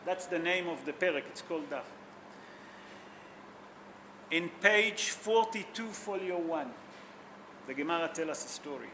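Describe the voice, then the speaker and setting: Man, rabbi preaching, high voice, non-native english, emotional storytelling, faint background hiss. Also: measured pace, pauses often, pushed and bright. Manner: emotional storytelling, asks the audience questions. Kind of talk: sermon.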